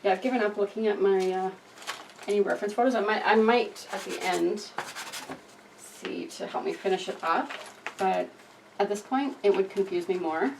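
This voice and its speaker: Woman thinking aloud, gravelly, distant mic. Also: medium pitch, normal speed. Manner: self-talk, thinking aloud, frequent hesitations. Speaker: self-taught painter. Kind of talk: casual narration while painting. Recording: distant mic with clear background noise.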